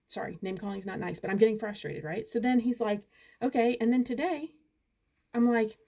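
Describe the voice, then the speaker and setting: A fed-up mother in her forties vents straight to camera in a casual rant. She talks fast and acts out both sides of conversations in quick bursts. Her voice sits at a middling pitch, with exasperation running under every line. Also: darkish tone. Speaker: parent vlogger.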